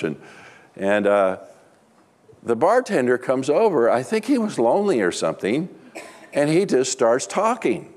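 A man's voice: mid-range voice, big pitch swings, unhurried, long pauses, a little mellow. A middle-aged man, a pastor, preaching a sermon with humorous personal stories in a chatty, conversational way.

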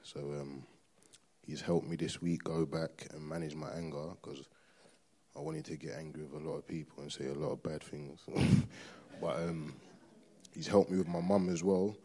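A man giving a personal testimony to a church congregation, hesitant and halting with many pauses. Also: extremely low pitch, fairly even intonation, dark tone.

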